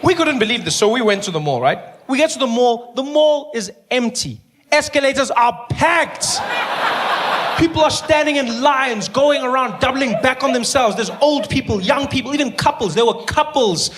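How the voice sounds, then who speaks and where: Stand-up comic, south african accent, lively storytelling, sits on the high side, faint crowd hum behind. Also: male voice, normal speed. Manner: animated storytelling, switching between high excited bursts and low asides. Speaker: stand-up comedian. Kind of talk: stand-up comedy set.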